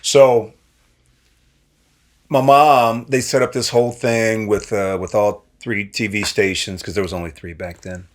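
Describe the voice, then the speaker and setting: A man from Nebraska, a guest actor, telling stories in a casual, animated way and acting out the people he quotes. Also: measured pace. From Nebraska, USA. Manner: animated, acts out quoted voices with big pitch jumps. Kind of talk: casual storytelling.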